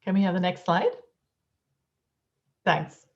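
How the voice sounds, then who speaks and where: A woman's voice: on the low side, takes it slowly, gravelly, darkish tone, lo-fi sound. A woman giving an academic conference talk, hesitant and full of fillers, over a video call. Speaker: conference speaker. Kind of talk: academic lecture.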